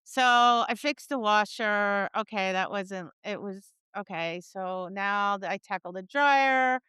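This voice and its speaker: Bright-voiced animated woman dog trainer. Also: medium pitch, takes it slowly, clear, resonant tone, no room sound. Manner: animated storyteller, acts out voices, laughs and swears. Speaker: podcast co-host, dog trainer. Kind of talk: casual chat.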